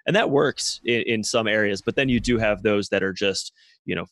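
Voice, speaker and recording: A man guesting on a podcast, making a measured, reasoned argument in casual discussion. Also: lowish voice, fairly bright tone, no room sound.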